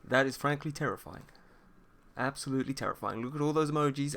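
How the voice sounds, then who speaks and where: Hosting a casual art livestream, an Englishman with a posh British accent chats with his viewers and playfully teases them. His voice sits on the high side, expressive, fairly quick and fairly bright.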